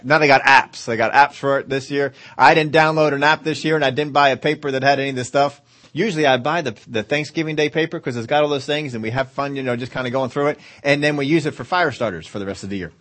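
A man's voice: fairly high pitch, fairly bright tone. A middle-aged man preaching a conversational sermon, chuckling often and acting out whiny, pleading prayers.

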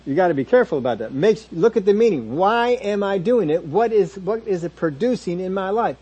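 A man's voice: sits high, lively intonation, brisk, warm tone, slightly rough, lo-fi sound. A man preaching a sermon in a conversational teaching manner, now and then mimicking churchgoers in quoted asides.

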